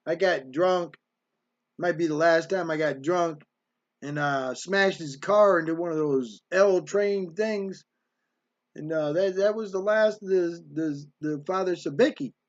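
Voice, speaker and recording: Rambling streetwise middle-aged man, high voice. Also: muffled recording. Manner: rambling, streetwise, peppers lines with "man" and "right". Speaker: storyteller. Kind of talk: casual storytelling monologue. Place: hotel room.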